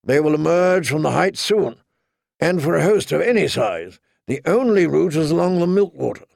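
Man doing a gruff old commander, raised voice. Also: fairly high pitch, animated, moderate pace, a little mellow, dry recording, studio quality. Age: older. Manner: brusque, decisive orders.

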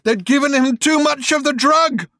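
A man voicing a frail, half-mad old male journalist who whimpers, weeps and breaks into shouts. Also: high-pitched, lively intonation, normal speed, no room sound, studio quality, pitched above the performer's own voice. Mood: hysterical.

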